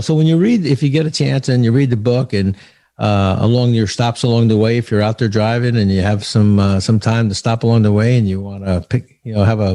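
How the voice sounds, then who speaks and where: An earnest male guest with a low, gravelly voice. He tells stories as he talks about leadership, doubling back and restarting his phrases. The sound is dark and mellow, recorded dry and close. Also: dry recording. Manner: storytelling, earnest, frequent restarts. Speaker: author and leadership speaker, guest. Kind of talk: conversational podcast interview.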